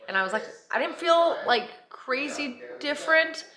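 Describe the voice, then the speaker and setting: A woman vlogging in a rambling, chatty way, full of "like" and "um", sometimes dropping to hushed asides. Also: high-pitched, lively intonation, normal speed, a crowd in the background. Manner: rambling and chatty, heavy use of "like" and "um". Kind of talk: casual confessional vlog. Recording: echoey room with background music.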